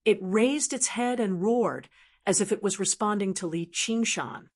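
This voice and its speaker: A woman narrating a fantasy audiobook in a steady, even storytelling manner. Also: mid-range voice, unhurried. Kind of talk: scripted narration.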